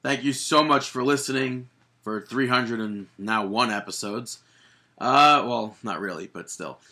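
A young man co-hosts a laid-back podcast with a sharp, very bright voice. He sounds keen, laughs easily and often leaves sentences unfinished. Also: medium pitch, a little slow. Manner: enthusiastic, laughs often, trails off mid-sentence. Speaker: podcast co-host. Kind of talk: casual podcast chat.

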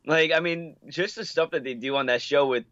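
A man co-hosting a casual chat podcast, relaxed and musing. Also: on the high side, brisk, no echo. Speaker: podcast co-host. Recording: dry, dull lo-fi call audio.

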